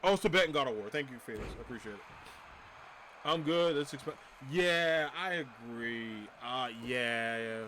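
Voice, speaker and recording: Animated ranting man streaming. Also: mid-range voice, normal speed, slight background noise. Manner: animated ranting, laughs often, swears. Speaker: livestreamer. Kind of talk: casual livestream chat.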